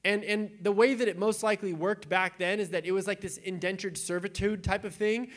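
A young adult man preaching in a casual, animated way, retelling scripture with acted-out quotes. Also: high voice, a little fast. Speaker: pastor.

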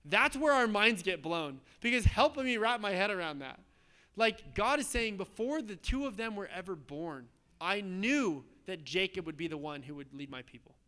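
A man preaches with a high, bright, expressive voice and a forceful tone, speaking at a moderate pace. The pastor's sermon is emphatic and conversational, full of "okay?" and "right?" check-ins with his listeners.

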